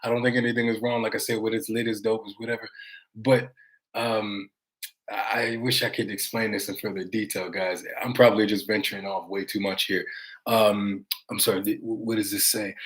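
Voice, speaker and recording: A man's voice: fairly low pitch, level tone, moderate pace, a bit bright. Rambling American man chatting to viewers. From United States. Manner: rambling, conversational, casual swearing, addresses viewers as guys. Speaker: vlogger. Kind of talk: casual livestream chat, reading viewer comments.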